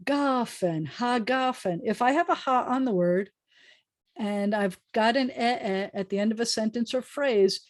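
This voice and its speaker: A woman's voice: a little high, normal speed. Patient woman rabbi teaching online. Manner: explanatory, patient, with frequent ums. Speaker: rabbi teaching prayer book Hebrew. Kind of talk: online Hebrew lesson. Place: home video call. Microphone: video call microphone.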